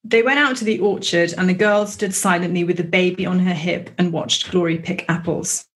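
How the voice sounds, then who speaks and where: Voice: medium pitch, fairly even intonation, moderate pace, fairly bright tone. A person reading a literary passage aloud in a book discussion, doing American voices for the characters. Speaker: book club member.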